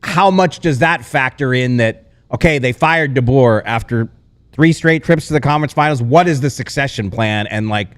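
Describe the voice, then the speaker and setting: Casting: male basketball reporter, mid pitch, thoughtful and hesitant. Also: moderate pace. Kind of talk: sports podcast discussion.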